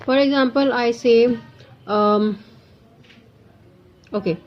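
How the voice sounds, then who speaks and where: A young woman with an Indian accent explains grammar in a patient classroom manner. She goes over each point more than once and now and then slips into Hindi. Her voice sits a little high, and the recording sounds dull and lo-fi. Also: takes it slowly. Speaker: English grammar teacher. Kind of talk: classroom lesson.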